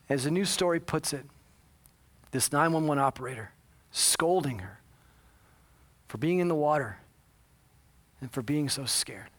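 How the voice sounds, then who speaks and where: Man preaching, earnest dramatic storytelling, bright forceful voice, fairly high pitch. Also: animated, measured pace, pauses often. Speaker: pastor. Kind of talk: sermon.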